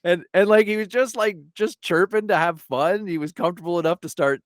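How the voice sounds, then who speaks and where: A man's voice: high voice, a little fast, no room sound. Male sportscaster telling stories, dry close sound. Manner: animated, acts out quotes with lively voice shifts. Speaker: sports broadcaster and game commentator guest. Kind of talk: casual storytelling in a podcast.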